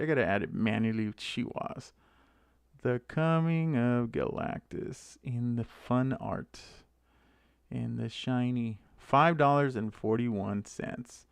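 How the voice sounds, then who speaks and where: A man hosting a casual live stream, chatting excitedly to viewers by name as he opens card packs. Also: medium pitch, vocal fry, no echo. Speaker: channel host opening card packs.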